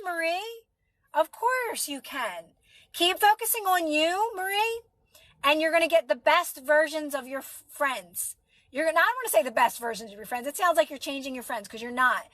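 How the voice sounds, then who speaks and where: A woman's voice: sits high, fairly bright tone, no echo. A woman with a Philadelphia accent, a mother and manifestation coach chatting on a livestream, reassuring viewers and answering their comments by name. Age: adult.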